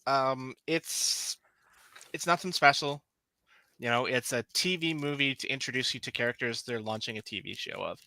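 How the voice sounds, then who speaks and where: Podcast host guy, bright sharp voice, passing it around the panel. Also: medium pitch, moderate pace. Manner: leads the talk, calls on others. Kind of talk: casual podcast discussion.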